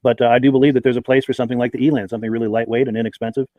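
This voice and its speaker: Fast-talking male podcast host. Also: mid-range voice, flat delivery, a little mellow, no echo. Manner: reads out viewer names and hometowns. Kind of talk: live-stream podcast chat.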